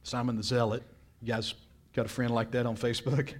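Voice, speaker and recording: A man's voice: medium pitch, flat delivery, brisk. A middle-aged male pastor preaching a sermon in a storytelling way, his voice jumping up when he quotes people.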